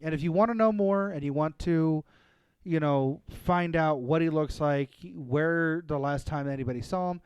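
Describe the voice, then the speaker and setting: Dry, mellow-voiced man chatting casually. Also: on the high side, moderate pace, clean tone, dry recording, muffled recording. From Pennsylvania, USA. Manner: rambling, many fillers and restarts. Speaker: podcast co-host. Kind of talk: casual chat.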